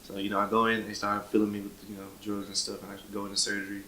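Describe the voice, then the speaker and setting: Man in his 20s, low and flat delivery, conversational storyteller. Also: fast talker, roomy sound, a little hiss or hum, low-quality recording. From Memphis, Tennessee. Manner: conversational, acts out others' words, frequent "you know". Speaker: interviewee telling his story. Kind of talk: personal storytelling interview.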